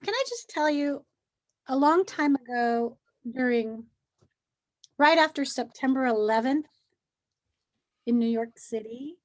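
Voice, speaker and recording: A middle-aged woman, a hypnosis practitioner appearing as a guest in a casual conversation, speaks in a high voice at a measured pace with long pauses. She explains feelings earnestly and with animation, acting out the things people say to themselves.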